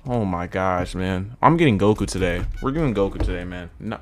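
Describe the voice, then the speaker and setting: A young man commenting casually on a video game at home, muttering low, then yelling when excited, repeating himself with lots of bro and man. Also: brisk, very noisy. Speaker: gaming YouTuber. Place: at home indoors.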